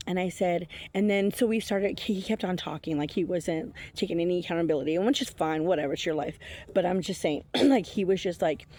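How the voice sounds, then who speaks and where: A woman's voice: fairly low pitch, fairly quick, a little mellow. A woman telling a personal story in a casual vlog, blunt and profane, rambling with fillers and frequent laughs. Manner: rambling with many fillers and restarts. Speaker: intuitive reader.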